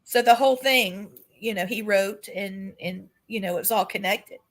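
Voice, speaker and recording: A woman's voice: mid-range voice, moderate pace. A woman co-hosting a paranormal podcast, telling stories in casual chat and laughing easily. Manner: animated storyteller, laughs often. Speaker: podcast co-host.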